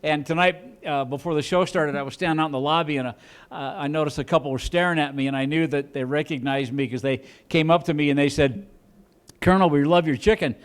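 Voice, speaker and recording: A man's voice: a little high, steady tone, fast talker, smooth. A man doing a stand-up comedy set on a club stage, rambling and self-deprecating, with frequent restarts.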